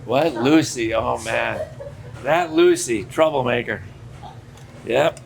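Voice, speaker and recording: A man's voice: mid-range voice, takes it slowly, vocal fry, slight background noise. An older man, a theme park character performer telling stories in a casual interview and acting out the dialogue. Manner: animated storyteller acting out dialogue.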